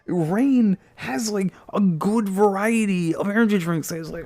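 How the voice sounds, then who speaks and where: A man streamer ranting casually and heatedly with lots of swearing, jumping into high silly voices to mimic people. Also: a little slow, hardly any pauses, a little mellow. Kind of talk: casual rant on a live stream.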